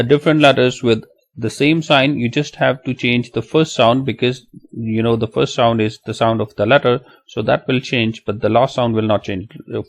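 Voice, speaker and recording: A man teaching a beginner Quran lesson, patiently spelling out letters and vowel signs and repeating each sound. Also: medium pitch. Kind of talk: slow step-by-step lesson.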